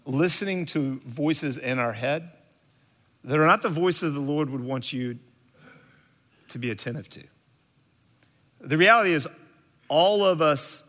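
A man delivers a sermon at an unhurried, deliberate pace, pausing often and filling gaps with small hesitations. His voice sits a little high and sounds bright and forward. The recording has the long reverb of a large hall. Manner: slow, deliberate storytelling with frequent fillers. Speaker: preacher.

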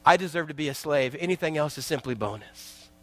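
Dry-sounding man preaching a lively sermon. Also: a little high, a little fast, no room sound. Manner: storytelling, acts out parable voices, jokes with congregation. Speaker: guest preacher.

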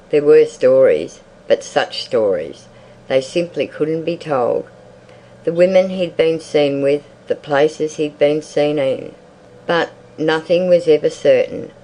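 A reader narrating a literary short story in a measured, even audiobook style. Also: medium pitch, low-quality recording.

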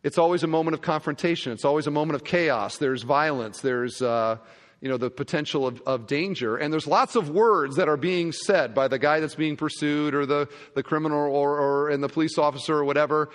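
A male pastor preaching a sermon, telling a humorous story in a conversational, animated way. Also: a little high, brisk. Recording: long hall reverb.

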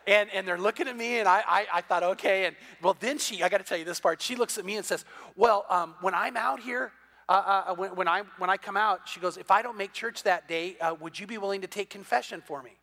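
A middle-aged man preaching a sermon, telling a story with a high, bright voice. He stumbles through quick restarts and acts out the voices of the people he describes. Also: gravelly. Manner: animated storyteller, many repeated "and, and" restarts, acts out quoted voices. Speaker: pastor.

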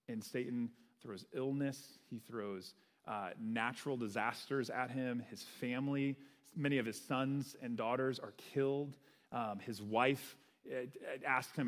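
A young man gives a relaxed, conversational sermon, tossing in "right?" to keep his listeners with him. His mid-range voice swings from animated to hushed. It rings out with the long reverb of a big church sanctuary. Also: mid-range voice, moderate pace. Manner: conversational, animated preaching with frequent "right?" asides. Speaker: pastor. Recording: long reverb of a large hall.

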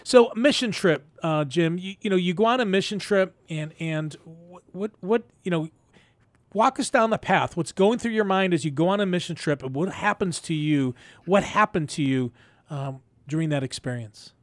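A man's voice: high voice, normal speed, no echo. A man hosting a Christian call-in radio show in a chatty, upbeat way, with loose fillers and joking asides. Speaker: radio host.

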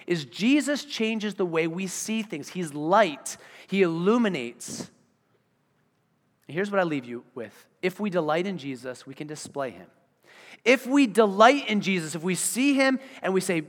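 A man preaching a sermon as pastor, acting out the voices of the people he talks about. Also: on the high side. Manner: animated, acts out voices of the people he describes. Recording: reverberant church hall.

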